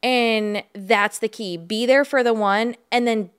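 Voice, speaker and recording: A woman co-hosting a podcast in loose, chatty talk, with a smooth and clear voice. She runs on in quick asides with lively energy. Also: a little high. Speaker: podcast co-host, real estate agent. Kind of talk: casual chat.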